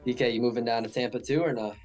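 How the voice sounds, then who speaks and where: A man's voice: mid-range voice, steady tone, very fast, a little mellow, faint music behind. A man co-hosting a stream, joining the banter in an easygoing way. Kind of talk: casual banter.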